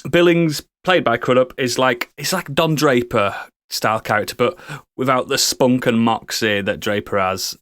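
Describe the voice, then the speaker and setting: A man's voice: medium pitch, a bit bright, smooth, dry recording, studio quality. A man hosting a podcast in casual chat, joking, rambling and swearing now and then. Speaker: podcast host.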